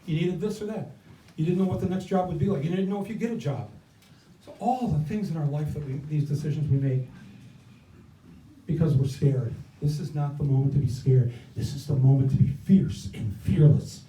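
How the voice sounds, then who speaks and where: An older man delivers a rousing campaign speech, his voice sitting fairly high for a man. He drives his points home through repeated lines. The sound is roomy and picked up from some distance. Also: fairly quick, dark tone, slight background noise. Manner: impassioned, rousing, repetitive cadences. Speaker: campaign guest speaker. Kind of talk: stump speech. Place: indoor event space. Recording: echoey room, mic from far off.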